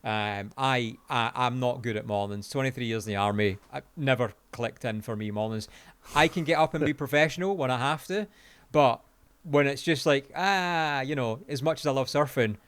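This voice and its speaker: A Scottish man in his forties, a podcast co-host telling a long anecdote in casual chat, animated and sweary, laughing as he goes. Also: medium pitch, moderate pace, clear, resonant tone, no echo. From Scotland.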